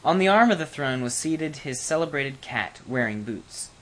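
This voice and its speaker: Storybook narrator, expressive, very lively pitch, reading aloud. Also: moderate pace. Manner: expressive, animated.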